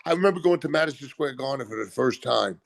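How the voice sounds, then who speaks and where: An older man telling animated stories as a guest, acting out other people's lines in quotes. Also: medium pitch, quick pace, creaky, no echo. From Brooklyn, USA. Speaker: retired pro wrestler guest. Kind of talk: animated storytelling.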